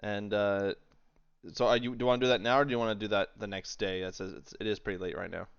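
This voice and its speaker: Low smooth-voiced man running a tabletop game. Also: steady tone, fast, no echo, muffled recording. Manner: hesitant, filler-heavy, laughs easily. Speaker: game master.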